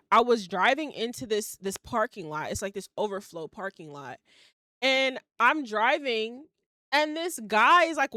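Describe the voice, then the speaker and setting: A woman's voice: fairly high pitch, pushed and bright, dry recording, studio quality. A young woman hosting her own podcast in casual solo chat, blunt and candid, laughing at herself as she talks. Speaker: podcast host. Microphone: home setup on shaky wifi.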